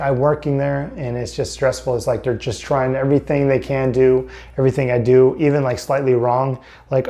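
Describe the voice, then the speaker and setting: Young guy venting about his old job, rambly, curses a lot, warm low-key voice. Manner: frustrated, rambling, swears often. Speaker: vlogger, Navy veteran. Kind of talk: casual storytelling vlog.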